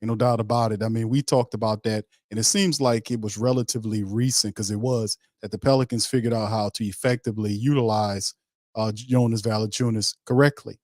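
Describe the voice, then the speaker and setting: A man's voice: on the low side, fairly even intonation, fairly quick, darkish tone, no echo, clean studio sound. A man hosting a casual sports talk show, talking in a loose, emphatic, slangy way with many restarts. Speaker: podcast host.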